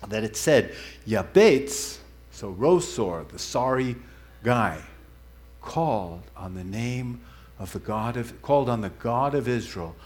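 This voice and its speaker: A man preaching a conversational sermon, animated and digressive, often correcting himself mid-sentence. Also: medium pitch, slow pace.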